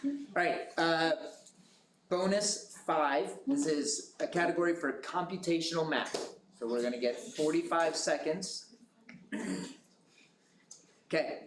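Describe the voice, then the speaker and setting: A man moderating a school quiz bowl, reading questions slowly and carefully. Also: on the high side. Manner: slow, measured question reading. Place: school classroom. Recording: echoey room with noise.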